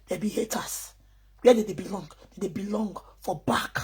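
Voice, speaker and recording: A woman's voice: mid-range voice, moderate pace, mellow, husky. A woman with a Nigerian Pidgin accent, scolding and ranting defiantly to camera in an emphatic, repetitive way. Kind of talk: angry rant to camera.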